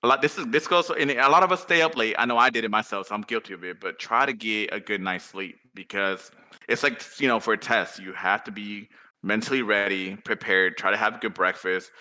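A man talking as a podcast guest in a rambling, animated way with lots of fillers. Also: on the low side, a little fast. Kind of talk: casual podcast chat.

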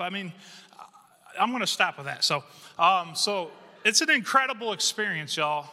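A male pastor giving a conversational, humorous storytelling sermon in a church, animated and acting out quotes. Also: sits high, moderate pace, long pauses. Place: church sanctuary. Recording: reverberant church hall.

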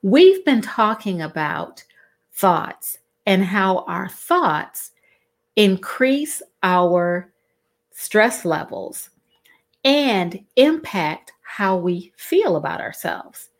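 A middle-aged woman, talking to her listeners in a casual, expressive way and acting out the questions she quotes. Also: drawn-out words. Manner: expressive, acts out quoted questions with big pitch swings. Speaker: host.

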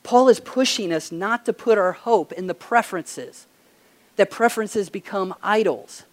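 A man's voice: high-pitched, measured pace. Emphatic man preaching a sermon. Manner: conversational storytelling preacher, emphatic questions. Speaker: pastor.

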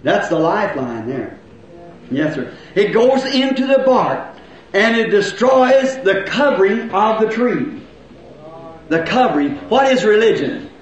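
A man's voice: high-pitched, sing-song, unhurried, lo-fi sound. Folksy man preaching in an echoey church. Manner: folksy rural grammar, questions to the crowd, bursts of shouting. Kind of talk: revival sermon. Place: church hall with congregation. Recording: very echoey old church recording.

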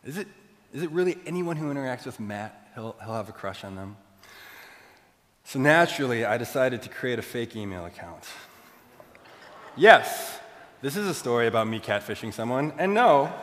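A young man preaching, telling a self-deprecating story in an animated way to his church. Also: medium pitch. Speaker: pastor. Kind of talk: storytelling sermon. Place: large church hall. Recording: long hall reverb.

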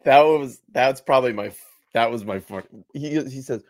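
A man's voice: mid-range voice, moderate pace, a little mellow, no echo, studio quality. A man hosting a live stream, chatting casually and thanking viewers. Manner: laughing hard, retelling clips.

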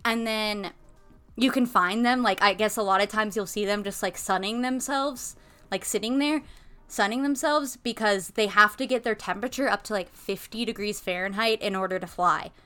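A woman's voice: mid-range voice, normal speed, a bit bright. A young woman co-hosting a casual podcast, rambling with lots of "like"s and breaking into giggles. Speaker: podcast co-host. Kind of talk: casual chat.

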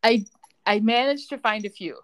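A young woman co-hosts a podcast, casually recapping scenes and retelling them in a sarcastic, quoting way. Her voice sits a little high, and she speaks at a moderate pace.

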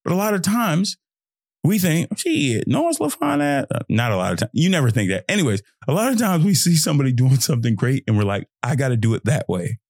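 A young man from Texas hosting his own podcast, talking loosely and in slang, jumping into high mocking voices when he quotes his own thoughts. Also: sing-song, quick pace, darkish tone, dry recording, studio quality. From Fort Worth, Texas. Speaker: podcast host. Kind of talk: solo motivational podcast monologue.

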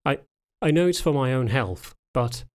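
A man reading the lines of a frightened young pregnant anthro woman in an audiobook, speaking softly and hesitantly. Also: medium pitch, animated, moderate pace, lightly acted. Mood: fearful, subdued. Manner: soft, trembling, hesitant.

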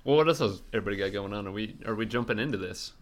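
A man's voice: on the low side, racing. A young man co-hosting a casual chat, easygoing and teasing. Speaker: podcast co-host.

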